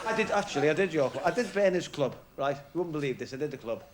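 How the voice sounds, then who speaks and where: A stand-up comedian does a chatty club routine, joking with the crowd in a slightly high, animated voice at a quick pace. The old 1970s TV recording carries audience laughter and a little hiss or hum.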